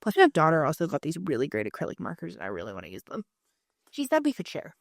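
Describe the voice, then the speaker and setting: Animated, swearing woman podcaster. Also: low voice, quick pace, creaky, no room sound, studio quality. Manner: animated, swearing, storytelling with acted-out quotes. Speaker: podcast co-host. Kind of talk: casual chat.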